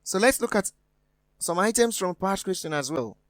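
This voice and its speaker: A woman teaching an exam-prep lesson, speaking slowly and deliberately, spelling out words and repeating them for the students. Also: mid-range voice, animated, no room sound. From West Africa.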